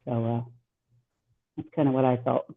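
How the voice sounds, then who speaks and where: A woman's voice: a bass voice, flat delivery, normal speed. A woman sharing reflections in a spiritual study group, speaking in a hesitant, earnest way. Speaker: group participant. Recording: tinny phone-like line.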